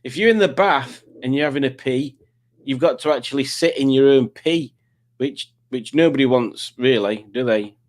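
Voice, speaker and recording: A man's voice: medium pitch, normal speed. A man hosting a live quiz stream, rambling casually and reading out viewer comments. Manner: rambling, reads out chat comments.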